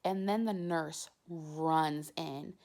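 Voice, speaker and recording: A young woman vlogging about her own experience, chatty and casual, with "like" dropped into nearly every phrase. Her voice sits on the lower side for a woman. It has a steady gravelly fry running through it. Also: extremely slow. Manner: chatty, heavy use of "like" fillers. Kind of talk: casual personal storytelling.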